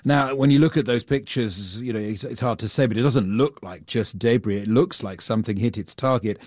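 Measured male news reporter, dry studio sound. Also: medium pitch, a little mellow, no echo. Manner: measured, explanatory. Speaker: global affairs reporter. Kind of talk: news interview analysis.

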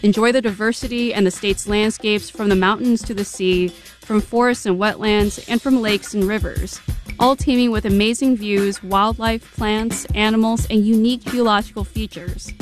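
Brief: female announcer, mid pitch, smooth measured promo read over music. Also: fairly even intonation.

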